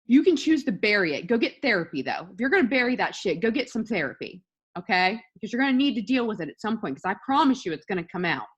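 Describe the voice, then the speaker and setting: A woman's voice: medium pitch, big pitch swings, fast talker, slightly rough, muffled recording. A woman, probably in her thirties, giving a blunt, emotional motivational talk over a video call, crying as she swears and pleads with her listeners. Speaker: motivational speaker.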